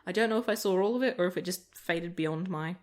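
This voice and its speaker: A gaming video creator with a lowish, slightly mellow voice talks quickly and casually during a let's-play. She rambles through anecdotes and laughs often.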